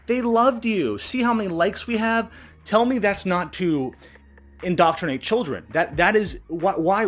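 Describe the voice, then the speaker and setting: A man hosting his channel, ranting in indignant outrage, swearing often and stumbling over repeated words. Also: fairly high pitch. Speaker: channel host. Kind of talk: angry commentary rant.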